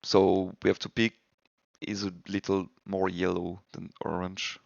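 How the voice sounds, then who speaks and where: Podcast host, male, low gravelly voice, dry and muffled call sound, hesitant repeats. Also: little pitch movement, a little slow, dry recording. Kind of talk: casual gaming discussion.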